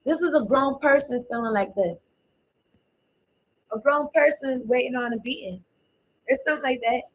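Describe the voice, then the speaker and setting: Woman, tarot reader, husky tone, rambling off-the-cuff delivery with blunt slang. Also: high voice, normal speed, poor audio. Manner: rambling, thinking aloud, trailing off; blunt and informal, with slang and swearing. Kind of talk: casual spoken tarot reading.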